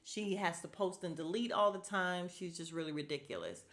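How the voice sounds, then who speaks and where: A woman's voice: lowish voice, moderate pace, fairly bright tone. A woman hosting a podcast, recapping a reality show in a casual, blunt way, swearing freely and laughing often. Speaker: podcast host.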